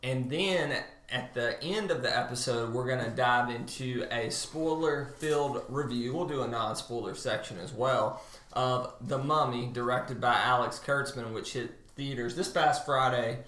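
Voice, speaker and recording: A man's voice: mid-range voice, unhurried, fairly bright tone. A man hosting a podcast, opening in an upbeat, announcer-like way and then trading jokes in casual banter. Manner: upbeat, announcer-like intro, jokey. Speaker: podcast host. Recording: roomy room echo.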